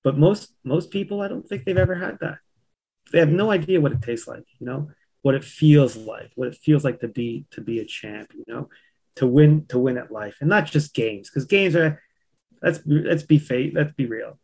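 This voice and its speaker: Frank, profane man with a higher voice. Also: normal speed, creaky, a little mellow, slightly rough. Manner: frank, profane, leans on "you know". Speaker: guest, landscaping business owner. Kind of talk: casual conversation.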